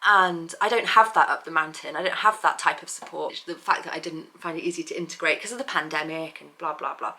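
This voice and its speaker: A woman's voice: lowish voice, pushed and bright. Candid, rambling woman vlogger. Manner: candid, rambling, with many fillers and restarts. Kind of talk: casual personal vlog.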